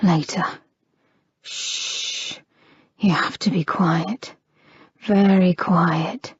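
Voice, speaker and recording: A woman voicing a tender, insistent male nobleman in whispered role-play, with a low, hushed murmur, on a slightly muffled recording. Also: unhurried, husky, no room sound.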